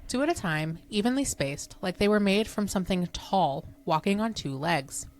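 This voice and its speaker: A woman co-hosting a podcast, reading a spooky story in a hushed, suspenseful way. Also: medium pitch, expressive, normal speed. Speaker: podcast co-host. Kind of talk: reading spooky stories aloud.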